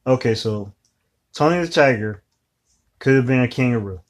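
A man co-hosting a podcast in casual chat, making wry deadpan jokes. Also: mid-range voice, normal speed. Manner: joking, wry, deadpan asides. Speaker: podcast co-host.

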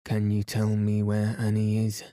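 A grieving old man mumbles his sad questions, voiced by a man reading aloud. The voice is dark and warm, drawn out slowly with little rise and fall, and the sound is close and dry. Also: on the low side, monotone, dry recording, natural voice. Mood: wistful. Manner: mumbling, wistful. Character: heartbroken old man, wistful and lost.

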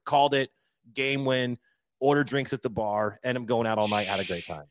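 A man's voice: mid-range voice, a little fast, no echo. Laughing young man telling a story. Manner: animated, laughing, swears casually. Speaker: podcast co-host. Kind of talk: casual storytelling chat.

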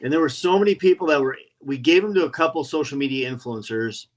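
A man's voice: on the high side, fast talker, poor audio. A man, a podcast guest, telling anecdotes in casual talk and acting out the quoted voices. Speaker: guest, custom motorcycle builder.

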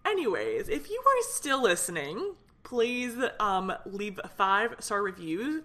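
A woman's voice: mid-range voice, a little slow. Fired-up young woman podcaster venting. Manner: fired up, animated, rambling with many fillers. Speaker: podcast host. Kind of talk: casual solo podcast venting.

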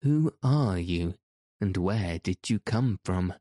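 A man's voice: low voice, expressive, takes it slowly, mellow, no room sound, clean studio sound, heavily acted. A man reading a storybook, voicing an earnest young girl who asks questions and scares easily. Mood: curious.

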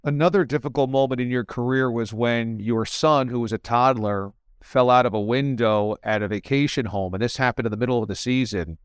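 A man's voice: medium pitch, fairly quick, hardly any pauses, clean tone, no echo, studio quality. A man interviewing a guest with long, earnest, wordy questions.

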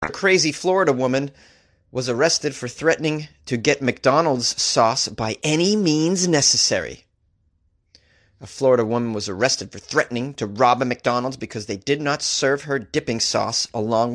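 A man's voice: medium pitch, a bit bright. A man hosts a comedy podcast, reading strange news items and riffing on them with sarcasm. He laughs at his own jokes as he talks into a microphone. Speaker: podcast host. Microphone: studio microphone.

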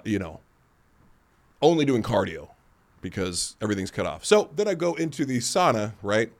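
A man hosting a podcast in casual chat, rambling and self-deprecating, acting out other people's lines as he tells stories. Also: fairly low pitch. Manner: rambling and self-deprecating, acts out quoted voices. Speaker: podcast host.

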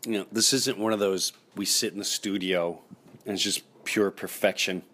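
A man's voice: fairly low pitch, fairly even intonation, moderate pace, bright, forceful tone. A middle-aged man hosting a casual chat in a hotel room, telling stories in a rambling, jokey way with lots of restarts. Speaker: podcast host. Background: construction noise.

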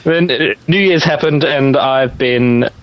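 A man's voice: medium pitch, slow, highs cut off. A man chatting casually as a podcast co-host, joking around. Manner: joking, drops into silly put-on voices. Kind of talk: casual chat.

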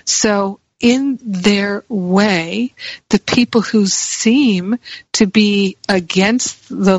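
A woman giving a slow, earnest spiritual talk as a teacher, repeating key phrases for emphasis. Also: mid-range voice, dry recording, lo-fi sound.

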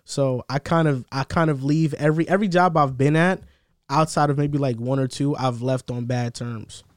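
A man's voice: medium pitch, normal speed, no echo, studio quality. Young man telling laid-back work stories. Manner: relaxed storytelling with frequent "bro" and "like". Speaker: podcast co-host. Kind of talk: casual chat.

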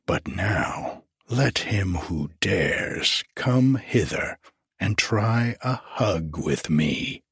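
A man's voice: sits low, lively intonation, extremely slow, fairly bright tone, breathy edge, no room sound, clean studio sound, full character voice. A man doing a wrathful, defiant young god. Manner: angry, challenging.

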